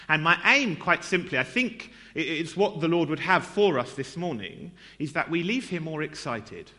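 A man's voice: fairly high pitch, very animated, normal speed, few pauses, pushed and bright. A man giving a conversational sermon in a church, self-deprecating and chatty, with lots of fillers and asides to the congregation. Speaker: preacher.

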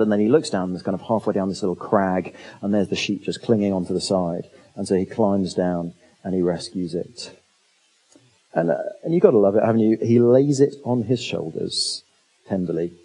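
Husky low-voiced male preacher. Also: warm tone, poor audio. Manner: conversational, asks rhetorical questions; humorous asides. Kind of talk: expository sermon.

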